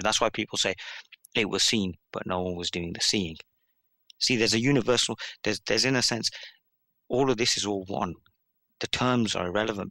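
Gravelly fast-talking British man. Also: sits low, no echo. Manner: excitable, rambling, playful teasing. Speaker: guest. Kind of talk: animated storytelling in conversation.

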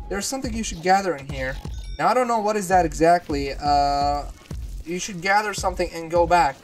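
A gamer giving gameplay commentary, excitable, swearing often and repeating words in panicked bursts. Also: mid-range voice, normal speed, soft background music. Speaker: gamer hosting a let's-play channel.

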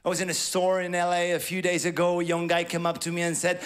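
A man from France with a French accent, performing a stand-up comedy set with a halting, self-deprecating delivery and playful acted quotes. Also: high voice, flat delivery. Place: large theatre before a live audience. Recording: stage mic over loud audience laughter.

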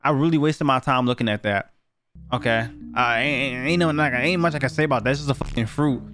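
A man's voice: medium pitch, fairly quick, fairly bright tone, faint music behind. A young man giving blunt, profane, slang-heavy reactions as he reviews viewer submissions in a casual video.

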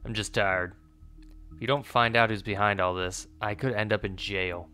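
A man voicing a worried woman in a game, reading her lines in a flat, robotic monotone. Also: lowish voice, moderate pace, clear, resonant tone, soft background music. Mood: pleading. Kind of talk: reading game dialogue aloud.

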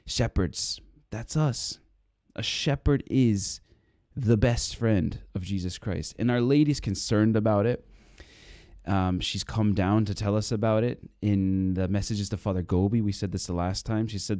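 A man preaches in a low, conversational voice that turns emphatic as he drives his points home. The recording is dry and close, with no room sound around him. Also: steady tone, measured pace, dark tone, no room sound. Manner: conversational, emphatic, rising to heated when indignant. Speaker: Catholic preacher. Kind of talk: informal preaching to camera.

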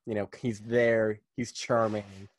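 A man's voice: fairly low pitch, level tone, slow pace, no echo. A man who is a guest reviewer in a casual movie discussion, wry and emphatic, stretching his fillers.

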